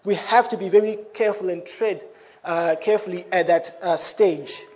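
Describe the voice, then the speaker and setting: A man delivers a sermon in a strikingly high voice. He talks in an animated way and keeps breaking into laughing asides. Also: normal speed. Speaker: preacher.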